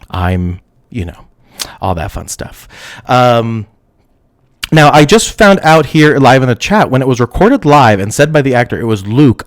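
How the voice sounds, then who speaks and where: A young man hosts a live stream in a campy, giggly, sassy manner. His pitch is at an ordinary height but swings widely, jumping up into squeals and dropping down into murmurs. He talks casually and laughs often with his viewers. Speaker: host of a live stream show.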